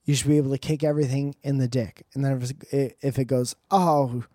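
A man's voice: mid-range voice, level tone, fast, mellow, dry recording, clean studio sound. A man doing a rambling, profane comedic monologue with joking asides.

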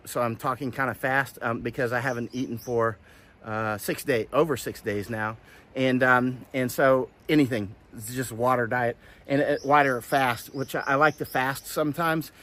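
A man's voice: medium pitch, fairly bright tone. Rambling man with many restarts. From Florida. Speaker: commentator. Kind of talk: casual commentary. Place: outdoors, in hot weather.

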